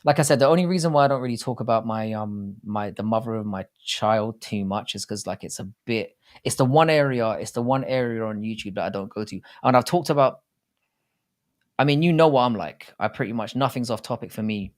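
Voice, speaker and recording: A brisk, fairly low-voiced Englishman co-hosts a casual live stream. His talk is rambling and chatty, and he often starts his sentences over.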